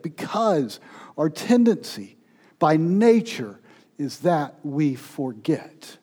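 Storytelling male pastor, slightly high voice. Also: very animated, slow, husky. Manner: storytelling, shifts from playful to hushed and tender. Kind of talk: sermon.

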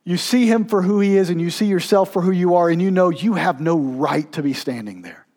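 This pastor's voice sits a bit higher than the typical man's, and he preaches briskly. His sermon shifts from raised, pleading passages to quiet, low moments that pull the listener closer.

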